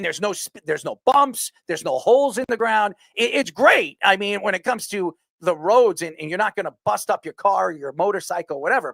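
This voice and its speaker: A man's voice: sits high, creaky, fairly bright tone, dry recording, studio quality. A man from New York hosting a sports talk show, rambling with blunt opinions and repeated words.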